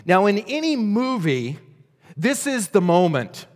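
A man's voice: sits high, very animated, measured pace. A man preaching a sermon as pastor, telling a Bible story with dramatic, varied delivery and acted voices. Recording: long hall reverb.

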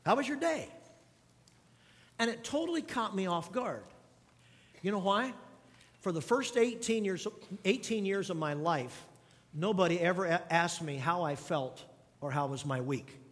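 A man's voice: high voice, normal speed, fairly bright tone, in a large hall. A man preaching a sermon as pastor, driving points home by repeating key lines and putting questions to the congregation. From grew up on a farm. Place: church sanctuary.

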